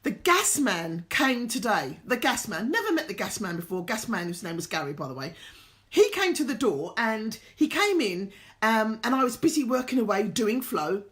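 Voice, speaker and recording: A woman hosting a live-streamed show, telling stories full of quoted dialogue in an excitable, animated way. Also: on the high side, normal speed. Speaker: show host. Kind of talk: casual storytelling to a live-stream audience.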